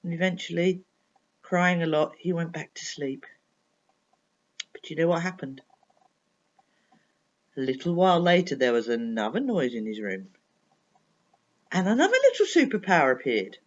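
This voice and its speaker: A woman tells a children's story with a lively, sing-song voice. She speaks to her listener directly, asking questions along the way. The recording is dull and lo-fi. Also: on the low side, moderate pace, pauses often. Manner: expressive, addressing the listener with questions. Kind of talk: bedtime story reading for children.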